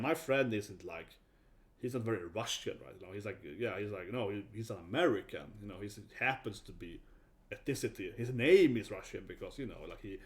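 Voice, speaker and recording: A man's voice: medium pitch, fairly bright tone. A young man from Sweden talking casually to camera in a rambling monologue, with lots of fillers and tag questions like "right?". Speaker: vlogger.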